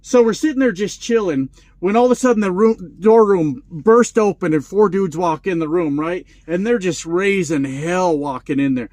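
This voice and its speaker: A man of about forty, a truck driver vlogger, telling a story in casual, profane, animated style. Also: sits high, normal speed, few pauses, no room sound.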